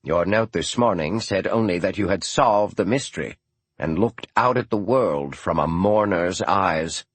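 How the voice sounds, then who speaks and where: A man narrating an audiobook, voicing an older male scholar who speaks softly and sounds strained and guarded. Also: low-pitched, unhurried, breathy edge, dry recording. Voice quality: soft-spoken, tense.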